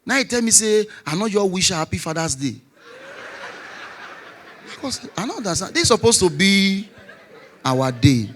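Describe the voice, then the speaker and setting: A man in his forties with a Nigerian Pidgin English accent, telling stand-up comedy stories, shouting punchlines and dropping low for asides. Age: 40s.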